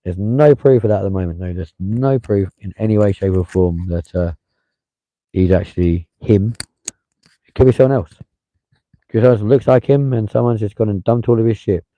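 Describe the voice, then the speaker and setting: A man's voice: fairly low pitch, moderate pace, dry recording, highs cut off. A man hosting a live stream, giving blunt, profane, heated casual commentary.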